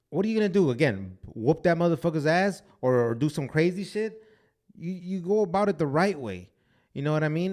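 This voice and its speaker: A man's voice: on the high side, darkish tone. A man co-hosting a podcast in casual chat, blunt and profane, now and then dropping Spanish phrases. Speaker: podcast co-host.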